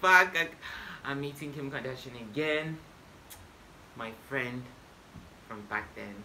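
A man telling a storytime vlog straight to camera in a slow, unhurried delivery. His voice is bright and forward, and he is excitable and boastful, with sudden loud bursts of swearing. Faint hiss sits under the recording. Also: mid-range voice. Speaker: vlogger. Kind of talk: casual storytime monologue to camera.

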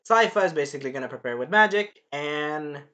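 A man casually recapping an episode, animated and swearing, acting out lines and sound effects as he goes. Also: a little high, brisk. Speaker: show reviewer.

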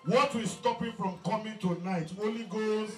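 A Nigerian man with a Nigerian English accent, working as a comic MC at a party and teasing the crowd loudly. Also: high voice, normal speed, soft background music. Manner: joking, loud, teasing the crowd. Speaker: event MC. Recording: echoey hall with crowd, mic far.

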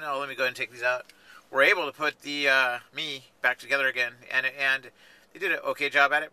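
A man's voice: medium pitch, bright, forceful tone, no echo, low-quality recording. A man in his forties, talking in a rambling, chatty way with self-deprecating jokes, from inside his parked car at night. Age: 40s. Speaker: vlogger. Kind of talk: rambling casual vlog.

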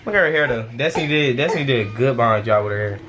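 Playful young dad vlogging at home. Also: male voice, mid-range voice, expressive, rapid-fire, background noise. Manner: playful, slangy banter with his toddler. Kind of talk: casual family vlog. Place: home bedroom.

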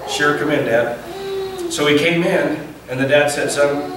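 A man's voice: a little high, measured pace, fairly bright tone. A man preaching a sermon to men about fatherhood, acting out the voices of a father and son as he tells stories. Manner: acts out dialogue in a story. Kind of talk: sermon storytelling. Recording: echoey room from far off, noisy.

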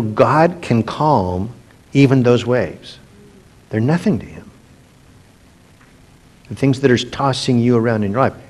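A man leading a casual Bible study, reading verses aloud and wandering into chatty personal asides with frequent restarts. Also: on the low side. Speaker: pastor teaching a Bible study.

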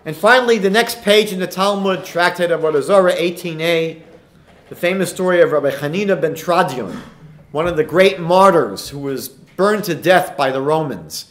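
High-pitched guy rabbi giving a talk, retelling old stories, lots of why questions. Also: moderate pace. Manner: storytelling, emphatic rhetorical questions. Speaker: rabbi lecturer. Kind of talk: recorded lecture.

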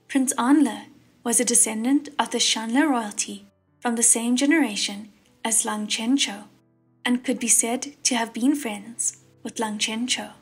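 A woman narrating an audiobook at a steady, unhurried pace. Her voice is husky and breathy, pitched a little high, with faint piano music playing beneath. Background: soft piano music.

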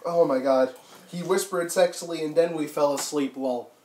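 A man's voice: fairly high pitch, normal speed, a little mellow, a little hiss or hum. A man giving an exaggerated comedic reading with friends, jumping between silly voices and asides, his throat sore from coughing. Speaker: comedic reader. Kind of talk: mock dramatic reading with friends. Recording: echoey room.

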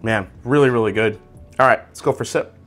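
A man hosting a casual whiskey tasting review, describing tasting notes aloud in a relaxed, conversational way. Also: medium pitch, quick pace, soft background music. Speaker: whiskey reviewer, channel host.

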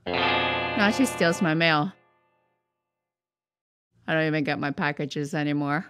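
In cartoon voice acting, a woman plays a gloomy, destructive male tornado whining to his therapist in an exasperated way. Her voice is low, slow, and a bit bright, with a clean tone, no room sound, and soft background music.

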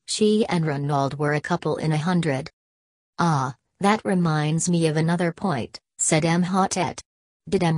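Woman narrator, low pitch, dry close studio sound, steady reading of a mystery novel. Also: no room sound. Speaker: audiobook narrator.

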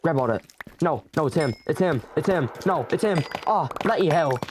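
A man's voice: on the high side, animated, moderate pace, noisy background. A young man giving let's play commentary, frantic and pleading as he bargains with the creatures in his game. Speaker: gamer.

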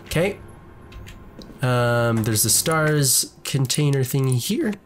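A man's voice: mid-range voice, expressive, takes it slowly, background noise. A man giving casual let's-play commentary from his desk at home, jumpy and chatty, talking to the enemies on screen. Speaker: gaming video creator.

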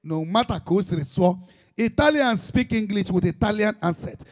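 A man's voice: high voice, expressive, brisk. A man with a Nigerian Igbo accent, preaching a sermon as a pastor in an impassioned, emphatic style full of repetition.

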